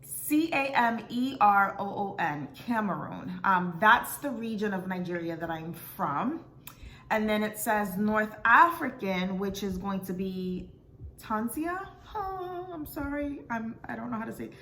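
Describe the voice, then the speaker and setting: A young woman from South Florida vlogging casually as she reads out her results, with many ums and pauses to check how words are said. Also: medium pitch, animated, bright, forceful tone. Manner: chatty, many ums, unsure of pronunciations. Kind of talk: casual vlog, reading results aloud.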